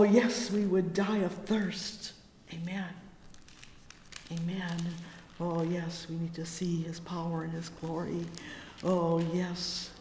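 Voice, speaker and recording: A preacher delivering a sermon with fervent, drawn-out cries of "oh yes" and "oh my". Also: mid-range voice, level tone, mellow, echoey room, long reverb tail.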